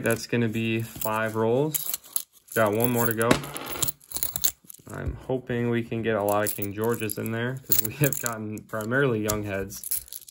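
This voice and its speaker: A man hosting a coin hunting video, casually calling out dates as he sorts coins. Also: background noise. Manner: calls out coin dates one after another in a low-key way. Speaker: coin roll hunting channel host. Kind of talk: casual narration while sorting coins.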